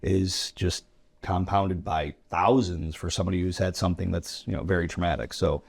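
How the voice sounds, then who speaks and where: A man's voice: sits low, steady tone, normal speed, gravelly, slightly rough. A man co-hosting a podcast, chatting casually and playfully, reaching for everyday analogies. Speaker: co-host, instructor.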